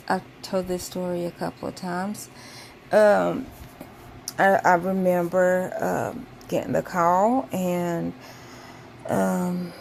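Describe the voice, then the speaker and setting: A woman's voice: lowish voice, creaky, darkish tone, a little hiss or hum. A woman vlogger casually telling a personal story to camera, with lots of "um" and "like" and bursts of exaggerated indignation.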